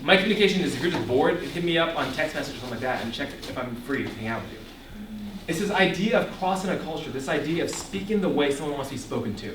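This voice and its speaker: A young man giving an animated ministry talk to a young audience, asking the room questions and laughing often. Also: on the high side, fast talker, distant mic, noisy background. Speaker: ministry speaker. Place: echoey room before a live audience. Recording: echoey room, voice picked up from afar.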